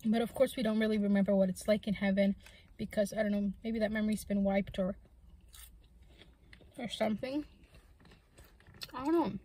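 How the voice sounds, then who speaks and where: A woman's voice: medium pitch, flat delivery, quick pace, rough recording. A woman vlogger in a casual chat while she eats, talking with her mouth full and musing in a rambling way, with lots of fillers. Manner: soft-spoken, wondering. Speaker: mukbang vlogger.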